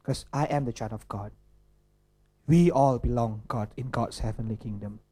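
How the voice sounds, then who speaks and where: A man's voice: medium pitch, normal speed, warm tone. Pastor, questioning his flock. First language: Indonesian. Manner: checks in with the audience through rhetorical questions. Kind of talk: sermon.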